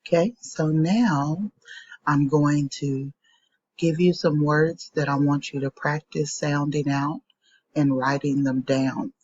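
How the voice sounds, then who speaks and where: A woman teacher giving a slow, patient phonics lesson to young children, saying each word twice. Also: deep voice, fairly even intonation, darkish tone, slightly rough, no room sound, muffled recording.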